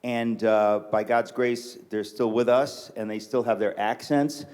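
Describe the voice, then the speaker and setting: A middle-aged man from New York City, a guest author in casual chat on a church stage, telling stories in a joking, animated way. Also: on the low side, a little slow. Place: church stage before an audience.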